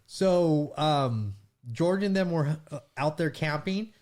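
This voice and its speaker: A man's voice: on the high side, animated, takes it slowly, darkish tone. A man who is a guest on a podcast, telling a rambling story in casual chat with lots of fillers.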